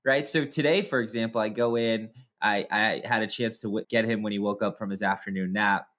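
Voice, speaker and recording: A man's voice: on the low side, steady tone, fairly quick, a bit bright. Upbeat talkative man hosting a sports podcast. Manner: upbeat, talkative, full of filler words. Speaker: podcast host. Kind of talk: casual sports podcast chat.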